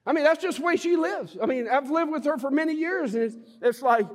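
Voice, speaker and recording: A middle-aged man preaching a sermon in a lively, joking way, breaking into sudden shouts. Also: very high-pitched, a little fast, few pauses. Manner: animated, jokey preaching with laughs and sudden shouts. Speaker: pastor. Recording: long hall reverb.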